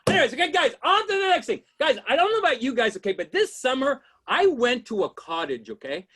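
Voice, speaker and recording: A man doing a stand-up comedy set, rambling through setups and shouting exasperated punchlines, often asking "you know what I mean?". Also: very high-pitched, big pitch swings, fast, breathy edge.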